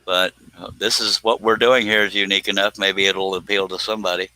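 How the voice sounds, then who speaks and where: A man's voice: deep voice, flat delivery, fairly quick, sharp tone, slight background noise, rough recording. A man hosting a casual live stream while he cuts wood on a scroll saw, rambling and laughing at himself. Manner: rambling, self-deprecating, chuckling.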